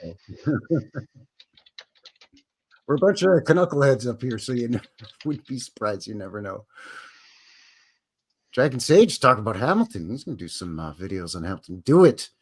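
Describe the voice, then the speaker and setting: A man's voice: medium pitch, very animated, moderate pace, long pauses, slightly rough. Chatty Canadian man saying "eh". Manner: joking, chatty, drops in "eh" often. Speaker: co-host. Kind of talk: casual live-stream chat.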